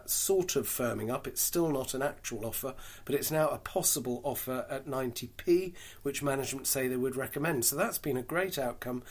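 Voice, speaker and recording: A British man talking through a long list of companies in a casual solo podcast. He is frank and chatty, drops dry asides, and pauses on fillers. His voice sits at a middling pitch. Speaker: podcast host. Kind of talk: casual solo market commentary.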